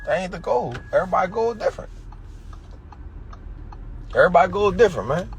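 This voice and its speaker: Talking fairly quickly and pausing often, this man has a high voice and an Atlanta Black American English accent. He delivers a preachy, repetitive finance lesson in street slang on a livestream, with a little noise in the background.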